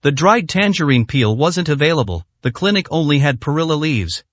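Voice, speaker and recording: Higher-voiced man reading a story, dry. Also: big pitch swings, normal speed, fairly bright tone, no echo. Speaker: narrator. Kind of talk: scripted narration.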